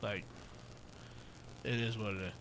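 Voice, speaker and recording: A man's voice: on the low side, unhurried, slight background noise. Profane young man telling stories on a podcast. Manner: profane, animated storytelling, acts out quotes loudly. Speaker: podcast co-host. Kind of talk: casual podcast chat.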